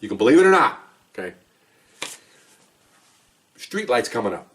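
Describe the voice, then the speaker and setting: A man's voice: mid-range voice, very animated, normal speed, far from the mic. A middle-aged man who is a police officer, telling his own stories in a rambling, chatty way full of asides. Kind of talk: casual spoken storytelling.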